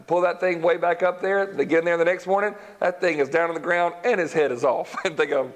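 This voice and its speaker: A man preaches a sermon in a church, reading Scripture and retelling it in a relaxed, folksy way. He slips into quick voices for the characters as he tells the story. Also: a little high. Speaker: pastor.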